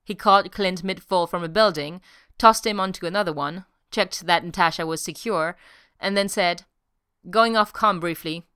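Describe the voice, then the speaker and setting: A woman narrating an audiobook story in a steady, even pace. Her voice is low and smooth. The recording is dry and close to the mic. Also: normal speed, no echo. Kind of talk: audiobook narration of fan fiction.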